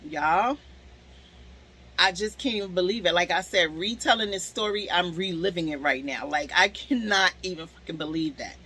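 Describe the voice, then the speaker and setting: A young woman telling a storytime to her viewers in a casual, animated way, swearing freely. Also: fairly low pitch, moderate pace, a little hiss or hum, low-quality recording.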